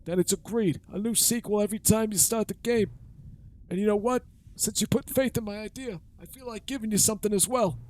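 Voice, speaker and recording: A man putting on a high, scheming old man voice to read out a game character's lines. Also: fairly quick, a little mellow, close to an everyday voice. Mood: scheming, gleeful. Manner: raised wavering put-on old man voice. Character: scheming old man pitching endless sequels.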